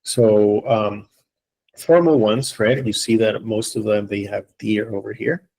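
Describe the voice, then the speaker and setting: A man's voice: fairly low pitch, fairly even intonation, a little slow, creaky, a little mellow, breathy edge, low-quality recording. A man teaching an online English class, explaining patiently step by step and often checking in with his students. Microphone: computer mic on a video call.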